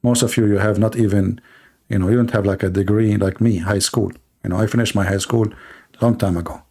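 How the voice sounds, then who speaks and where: A man's voice: on the low side, fairly even intonation, fairly quick, darkish tone, slightly rough. A man hosting a livestream, talking in a mocking, sarcastic monologue in broken English. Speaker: livestream host. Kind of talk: satirical monologue. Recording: livestream talk to viewers.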